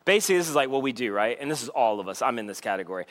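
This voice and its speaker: A man's voice: very fast, few pauses, fairly bright tone. A man preaching a sermon in a casual, conversational way, often saying "like" and acting out the voices he quotes. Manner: acts out quoted voices with shifts in pitch and pace. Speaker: pastor.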